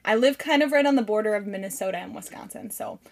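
A woman's voice: mid-range voice, fast, creaky. A woman guest on a remote podcast call, chatting casually with frequent laughs and fillers. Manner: giggly, animated, lots of fillers. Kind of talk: casual conversation.

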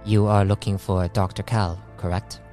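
A man voicing a dark metallic humanoid machine being in a tabletop game, speaking in a measured, knowing way. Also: on the low side, flat delivery, soft background music, lightly acted. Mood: calm.

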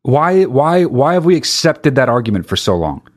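A comedian doing a stand-up rant, talking in an exasperated, profane and rhetorical way. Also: male voice, medium pitch, sing-song, normal speed.

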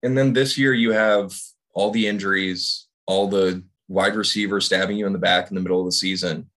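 A man co-hosting a podcast, talking sports casually in a hesitant, halting way. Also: deep voice, steady tone, a bit bright. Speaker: podcast co-host.

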